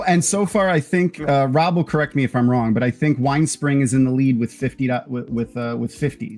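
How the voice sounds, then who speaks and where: A man with a gravelly, creaky voice hosts a relaxed charity livestream, chatting and laughing easily. His pitch sits in a middle range, and faint music plays underneath. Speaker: livestream host. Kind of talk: casual charity livestream chat.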